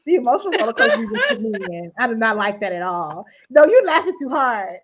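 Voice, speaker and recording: A woman co-hosting a casual podcast chat, expressive and teasing, laughing often. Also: on the high side, fast talker, heavy background noise. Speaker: podcast co-host.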